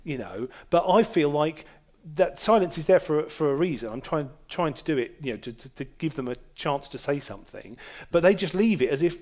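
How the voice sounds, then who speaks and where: A man chatting casually as a host, his voice sitting a little high for a man. He rambles and hesitates, stopping and restarting with plenty of ums and uhs. His humour is wry and pokes fun at himself. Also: lively intonation, a little fast, a little mellow. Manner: wry, self-mocking humour. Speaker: podcast host and musician. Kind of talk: casual chat. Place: basement room.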